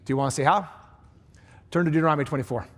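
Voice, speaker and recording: A man with a high, light voice preaches to a church congregation. He keeps the delivery conversational and breaks into animated asides as he explains the passage. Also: rapid-fire. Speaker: pastor. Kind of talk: sermon. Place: church sanctuary.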